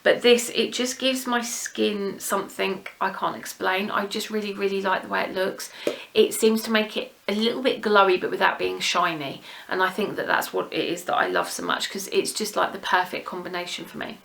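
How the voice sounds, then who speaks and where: A young British woman chatting to her camera as a beauty vlogger, rambling and gushing in an easy, friendly flow. Her tone is crisp and sharp, with a middling pitch. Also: moderate pace. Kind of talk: casual chat to camera.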